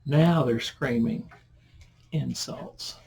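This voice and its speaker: A man giving a verse-by-verse Bible lesson in a conversational manner. He reads the scripture louder and breaks into chatty asides. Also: medium pitch, very slow, vocal fry, a little hiss or hum. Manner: conversational, loud when reading scripture aloud, asides and self-corrections. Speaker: Bible teacher.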